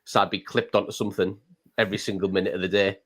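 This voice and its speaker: British man, guest, casual, says mate, lowish voice. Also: flat delivery, racing. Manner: says mate a lot, rambling. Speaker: guest on a live stream. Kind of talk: casual live stream chat.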